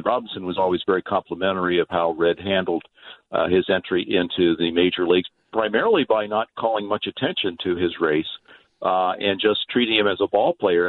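A man calling in as a guest, explaining at length with frequent hesitations. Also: low voice. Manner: hesitant, many filler sounds. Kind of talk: interview answers. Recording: tinny phone line.

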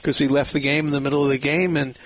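A man's voice: on the high side, flat delivery, fast. A man hosting a radio interview, chatting and telling old stories. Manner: chatty storyteller. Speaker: radio host.

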